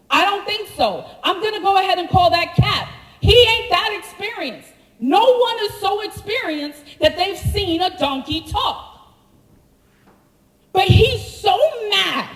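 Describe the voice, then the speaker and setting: A woman preaching a sermon, telling the story with animated slangy asides to the congregation. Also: very high-pitched, echoey room, big-room sound, rough recording. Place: church sanctuary.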